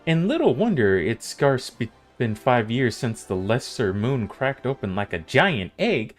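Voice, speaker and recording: Man doing a motherly tavern mistress, wry, slow storyteller, lively swooping pitch, faint music behind. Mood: storytelling. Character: female tavern owner and guild master, wry and motherly. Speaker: streamer reading game dialogue aloud.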